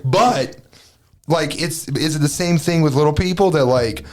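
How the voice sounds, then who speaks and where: Dude cohosting a comedy podcast, crude rambly chat, keeps cracking up laughing. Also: male voice, a little high, normal speed. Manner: laughs a lot, rambling and profane. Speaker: podcast co-host.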